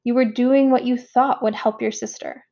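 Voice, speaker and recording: Quiet, steady mother voiced by a woman reader, gravelly edge, slightly raised pitch, dull lo-fi sound. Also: normal speed. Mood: emotional. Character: calm, tearful mother speaking to her son.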